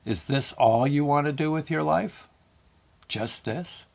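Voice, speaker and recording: A man voicing a calm, unseen male voice from above that speaks quietly and asks probing questions. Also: on the high side, measured pace, creaky. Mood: hushed, probing.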